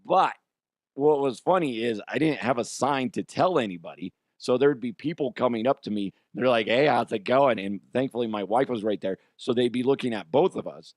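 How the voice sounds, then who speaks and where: A man hosting a comedy news show, talking casually in a profane, self-mocking way. His voice is hoarse and strained, sitting in a middle pitch range. The sound is dry and close. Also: lively intonation, brisk, no echo.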